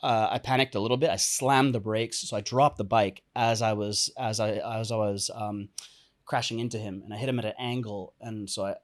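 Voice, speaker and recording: A young adult man telling a dramatic personal story in a casual interview, animated, laughing often and acting out what people said. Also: on the low side, fairly quick. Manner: animated, laughs often, acts out quoted lines. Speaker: podcast guest, entrepreneur and coach.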